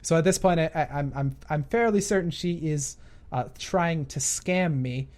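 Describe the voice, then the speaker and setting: A man's voice: a little high, moderate pace, a little mellow. A man, a gaming YouTuber, narrating a storytime account with playful, self-correcting asides.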